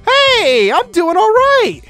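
Man, gaming commentator, lively swooping delivery, self-mocking jokes, frequent laughs, faint music behind. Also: very high voice, takes it slowly, dry recording. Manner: joking and self-mocking, laughs often, sudden excited outbursts. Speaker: gaming YouTuber. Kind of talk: casual gameplay commentary. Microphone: close microphone.

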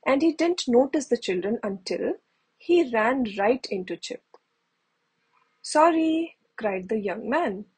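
Brief: woman narrator for a kids' storybook, very breathy, slightly high voice. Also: a little mellow, low-quality recording. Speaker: storybook reader. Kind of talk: bedtime story read-aloud.

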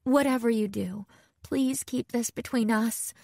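A woman's voice: on the high side, measured pace, vocal fry, warm tone, no echo, studio quality, pitched above the performer's own voice. A woman voicing a tired, anxious young bride who speaks hesitantly. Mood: weary.

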